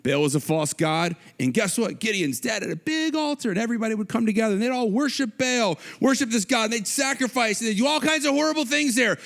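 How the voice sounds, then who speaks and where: A male pastor preaching a sermon in a conversational storytelling manner, animated and informal. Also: very high-pitched, fast talker, vocal fry, few pauses.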